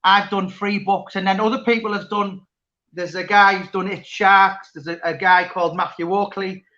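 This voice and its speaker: High, bright-voiced man on a lo-fi call. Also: steady tone, normal speed. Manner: rambling, many restarts. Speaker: interviewer and author. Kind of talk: casual chat.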